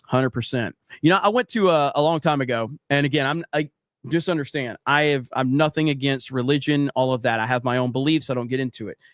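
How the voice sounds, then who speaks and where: A fairly high-voiced man hosts a casual livestream podcast, reading out chat messages and telling stories in a blunt, profane, ranting way. His voice sits dry and close to the mic, with no room sound around it. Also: no echo.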